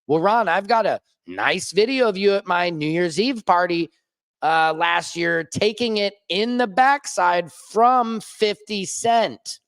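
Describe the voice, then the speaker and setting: A man doing a quick comic impression of a smug, scheming music mogul who blackmails people. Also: high voice, a bit bright, no echo.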